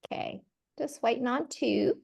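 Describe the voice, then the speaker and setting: A woman's voice: a little high, measured pace, vocal fry, a little mellow, breathy edge. Middle-aged Southern woman from Georgia. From Georgia, USA. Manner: friendly, many ums and uhs, says y'all. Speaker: charter school consultant leading a workshop. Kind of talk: virtual workshop presentation.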